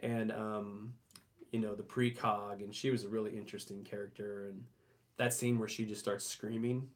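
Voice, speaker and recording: A man's voice: fairly low pitch, little pitch movement, normal speed. A man co-hosting a podcast, chatting casually about movies and laughing often. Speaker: podcast co-host. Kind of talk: casual chat.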